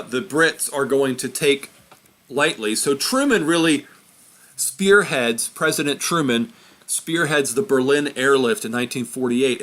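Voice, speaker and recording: A man's voice: medium pitch, a bit bright. Casual man teaching history. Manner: conversational, self-correcting, points at a map. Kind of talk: informal history lesson.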